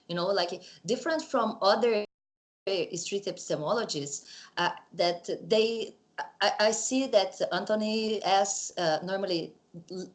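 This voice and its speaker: A woman interviewing over a lagging video call, speaking hesitantly as she searches for her words. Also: medium pitch. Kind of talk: casual interview chat.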